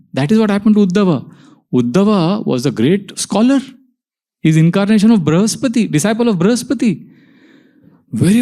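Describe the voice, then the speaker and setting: A man giving a devotional lecture, telling stories and acting out quoted dialogue, slowing down to stress key points. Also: sits high, a little mellow. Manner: storytelling, acts out quoted dialogue, slows for emphasis. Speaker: spiritual teacher. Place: lecture hall before a live audience.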